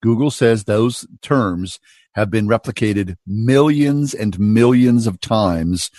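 A man's voice: lowish voice, slow pace, darkish tone, no echo. A middle-aged man hosting a radio talk show from a spare room at home, chatting loosely with many fillers. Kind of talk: casual on-air chat.

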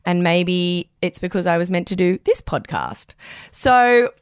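Speaking into a studio mic with headphones on, a young podcast host rambles, curses a lot and talks fast whenever excitement hits. Her fairly low voice is clear and resonant, captured at studio quality with no echo.

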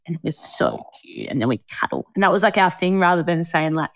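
A woman's voice: fairly low pitch, huge pitch swings, fairly quick, vocal fry, no echo, clean studio sound. A young Australian woman hosting a podcast, telling a story in casual chat with frequent swearing and laughter. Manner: chatty storyteller, swears freely, laughs often. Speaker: podcast host.

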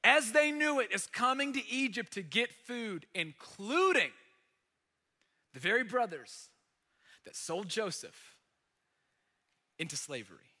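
Man, pastor, sermon, animated storytelling, high voice, long hall reverb. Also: slow pace, long pauses. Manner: animated, conversational storytelling with dramatic emphasis.

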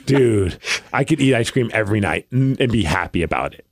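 A man in his thirties co-hosts a podcast, chatting casually as an animated storyteller who laughs often. His voice is fairly low and brisk, with no echo.

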